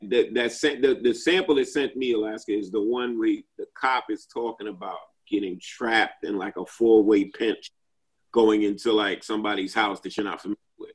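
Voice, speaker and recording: A man's voice: fairly low pitch, fairly even intonation, moderate pace, husky, rough recording. A man in a casual group chat, talking at length with many fillers and restarts.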